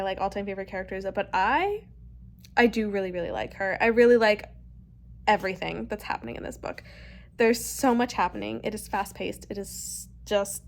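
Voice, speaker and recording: A young woman book vlogger chatting casually, gushing and emotional, filling her talk with "like". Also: medium pitch. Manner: gushing, emotional, lots of "like" fillers. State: tearful, crying happy tears. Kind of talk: casual vlog chat.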